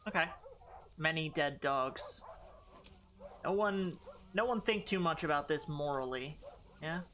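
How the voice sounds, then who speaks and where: A woman's voice: low voice, a little slow, a bit bright, slight background noise. A woman streaming a game, chatting casually with a playful, sarcastic manner and loose swearing. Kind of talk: casual gaming stream chat.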